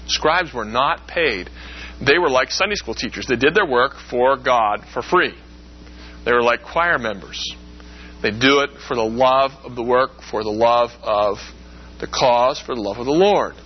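A man lecturing in a relaxed, conversational way, explaining with everyday comparisons. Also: medium pitch, breathy edge, dull audio. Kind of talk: classroom lecture.

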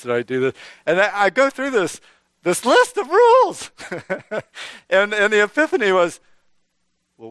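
A man's voice: medium pitch, clean tone, dry recording. A middle-aged man preaching a sermon as pastor, earnest and conversational, often restarting and building emphasis.

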